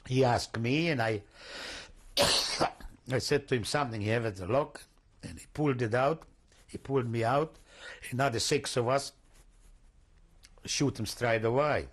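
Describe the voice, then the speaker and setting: Older man giving halting testimony. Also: mid-range voice, husky. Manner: halting, searching for words, repeats himself; non-native English, broken grammar. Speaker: interviewee. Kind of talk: oral history testimony.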